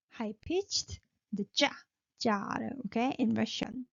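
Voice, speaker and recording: A woman with a Korean accent teaching pronunciation, repeating syllables slowly and coaching the listener to try. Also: on the high side, creaky, mellow, no room sound, lo-fi sound. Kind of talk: pronunciation lesson.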